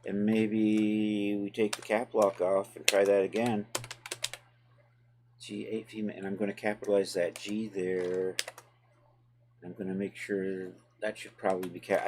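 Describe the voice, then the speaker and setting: A man's voice: fairly low pitch, noisy background. A man hosting a live tutorial stream, talking casually to his chat as he works through steps and thinks aloud. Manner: relaxed, chatty, talks to chat while working. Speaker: livestream host and 3D software tutor.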